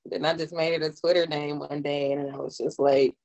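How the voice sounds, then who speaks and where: Low, gravelly-voiced young woman rapper. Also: fairly even intonation, a little fast, hardly any pauses, a little mellow, rough recording. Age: young adult. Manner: laid-back, frequent "um" and "like". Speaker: rapper guest. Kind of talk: casual interview chat.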